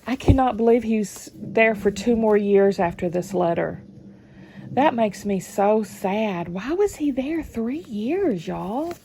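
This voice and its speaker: A woman's voice: medium pitch, slow, creaky, warm tone, a little hiss or hum. A woman, reading old letters aloud and adding chatty comments between them. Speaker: channel host reading family letters.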